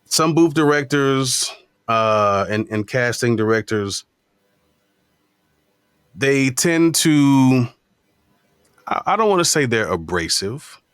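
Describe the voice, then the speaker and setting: A man's voice: mid-range voice, expressive, fairly bright tone, smooth, no room sound. Plain-voiced man hosting a dry-sounding chat. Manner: halting, searching for words. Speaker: podcast host. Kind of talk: casual interview talk.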